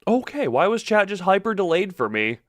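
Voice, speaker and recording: A young man chatting on a game stream with a fairly high voice that swings up and down a lot. He rambles and jokes, tripping over words and restarting sentences as he talks to his viewers. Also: sing-song, fairly quick, no room sound. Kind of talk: casual live-stream chat while gaming.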